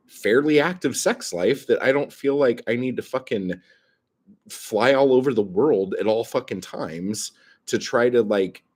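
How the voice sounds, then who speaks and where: Profane ranting man, low and lively. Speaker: livestream host reading chat comments. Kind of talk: heated livestream rant.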